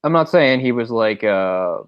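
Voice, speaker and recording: A man's voice: medium pitch, animated, unhurried, clear, resonant tone, highs cut off. A man co-hosting a casual late-night movie commentary, chatty and opinionated. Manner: chatty, mimics characters in quotes. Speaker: commentary co-host.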